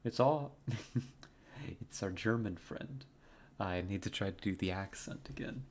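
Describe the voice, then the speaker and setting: A man's voice: on the low side, measured pace. A man streaming a horror adventure game, playing along with playful, joking asides. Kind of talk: let's play commentary.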